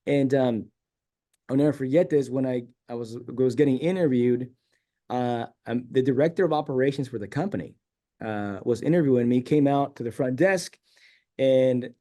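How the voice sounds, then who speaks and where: A man's voice: medium pitch, normal speed. A middle-aged man from San Diego telling a long personal story as a guest in a casual interview, acting out the voices of people he quotes. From San Diego, California. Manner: rambling, animated storyteller who acts out quoted dialogue.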